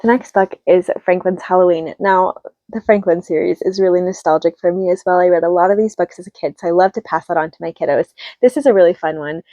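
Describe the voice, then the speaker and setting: A woman's voice: lowish voice, steady tone, quick pace, dark tone, dry recording. A woman in her thirties, a homeschooling mom, chatting casually as she retells children's books with an upbeat manner. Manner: chatty and upbeat, retells stories with light laughs. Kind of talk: casual book review. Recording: slightly dull lo-fi sound.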